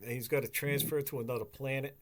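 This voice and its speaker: Male podcast host, casual, profane, animated storyteller, ordinary pitch. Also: quick pace. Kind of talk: casual chat.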